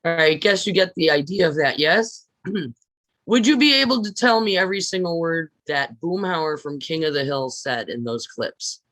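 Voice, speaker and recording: A woman teaching public speaking in a recorded lecture, stressing words deliberately and often asking her listeners questions. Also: low-pitched, fairly bright tone, no room sound. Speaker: speech teacher.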